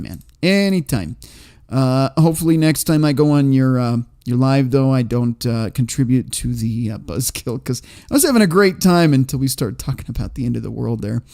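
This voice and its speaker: A man's voice: medium pitch, mellow. A man hosting a livestream, reading chat comments aloud in a rambling, profane way and laughing often.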